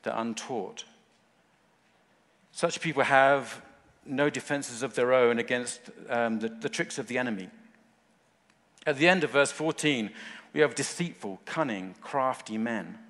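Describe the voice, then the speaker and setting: A man's voice: mid-range voice, a little slow, long pauses, fairly bright tone. A man preaching a sermon in short, earnest phrases, rising at times to fervent emphasis. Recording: long hall reverb.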